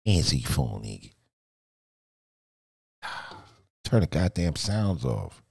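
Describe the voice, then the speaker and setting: A male streamer with a very low, booming voice that leaps all over the place as he rants and jokes. He swears freely, dropping from loud outbursts to low mutters. The recording is dry and close. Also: slow pace, breathy edge, no echo. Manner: animated and profane, swings between shouting and muttering. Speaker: streamer and host. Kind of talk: casual live-stream chat.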